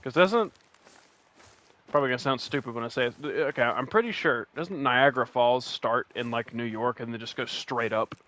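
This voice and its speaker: Here the West Virginia streamer speaks at a moderate pace in a mid-range voice that is bright and forceful. He chats casually about the hunting game he's playing, joking, wandering off topic, and frequently starting over.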